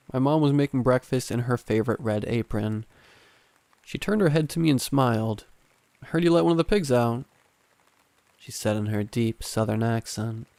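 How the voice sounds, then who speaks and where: A man narrating a scripted horror story in a calm, steady first-person way. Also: fairly low pitch, vocal fry, no room sound.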